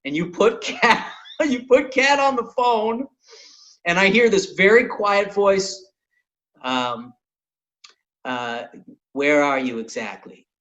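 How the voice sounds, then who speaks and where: A man's voice: high voice, slow pace, pauses often, muffled recording. A man hosting a podcast, telling a long comic anecdote in casual, profane chat. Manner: animated, swearing anecdote teller. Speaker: podcast host and comedian.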